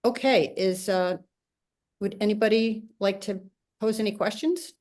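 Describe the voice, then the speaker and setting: A woman moderating a video-call discussion, animated and searching for words as she wraps up and opens the floor to questions. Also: mid-range voice, measured pace. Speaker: host and moderator. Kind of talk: conversational interview on a video call.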